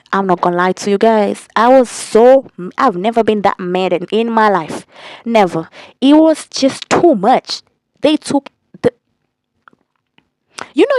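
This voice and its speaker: Young woman vlogger, animated and profane, fairly high voice. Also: no room sound. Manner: animated, profane, repeats for emphasis. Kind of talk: casual storytime vlog.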